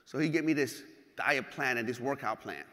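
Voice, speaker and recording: A man giving a motivational keynote, telling stories in an animated, profane way and acting out scenes. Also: medium pitch, normal speed. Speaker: keynote speaker. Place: large hall. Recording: hall with long reverb.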